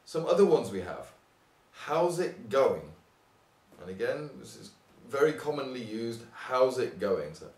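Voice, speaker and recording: Lively English teacher, roomy distant sound. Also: male voice, a little slow. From England. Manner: lively, acts out example phrases with big pitch jumps. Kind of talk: informal online English lesson.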